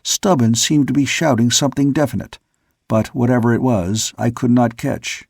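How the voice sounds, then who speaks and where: Gravelly male audiobook narrator. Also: mid-range voice, steady tone, a little mellow, dry recording, clean studio sound. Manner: measured storytelling. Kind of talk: scripted narration.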